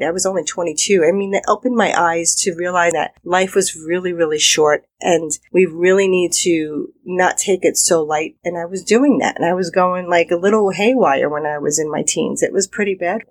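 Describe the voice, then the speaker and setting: A woman's voice: on the low side, no echo. A woman hosting a self-help podcast, talking straight to the listener in an encouraging, conversational way. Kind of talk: motivational podcast monologue.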